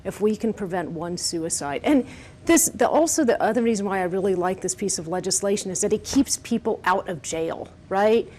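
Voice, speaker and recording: A woman's voice: medium pitch, lively intonation, moderate pace, a little mellow, a little hiss or hum. A woman advocating in a panel debate, arguing earnestly and firmly. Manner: earnest, firm, persuasive. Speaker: gun-safety advocate.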